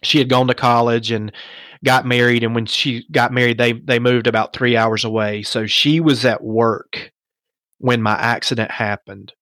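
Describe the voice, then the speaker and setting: A man recounting a personal story as a podcast guest, with lively rhetorical asides and self-questioning. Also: medium pitch, moderate pace, no room sound.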